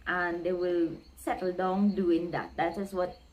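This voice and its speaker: A woman's voice: lowish voice, level tone, a little slow, a little mellow, rough recording. A woman, explaining Caribbean sayings in a casual vlog, step by step, and acting out quoted lines by shifting her voice. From Guyana.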